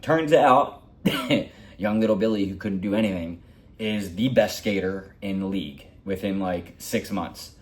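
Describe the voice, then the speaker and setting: A man's voice: sits low, a little slow. A man in his forties telling a heartfelt personal story in a rambling, repetitive way. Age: 40s. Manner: rambling, heartfelt, repeats himself. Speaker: hockey vlogger.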